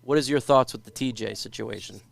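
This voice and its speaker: A man's voice: medium pitch, a little fast, gravelly, no room sound. A man hosting a casual sports talk stream, reading viewer questions aloud and then giving his own take. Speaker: podcast host reading live chat.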